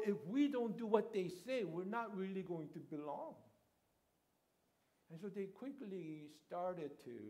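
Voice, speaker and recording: Male pastor, 50s, high-pitched, chatty conversational preaching style. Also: darkish tone. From Korea. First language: Korean. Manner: conversational, checks in with "right?" and "you know". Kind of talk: sermon. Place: church sanctuary.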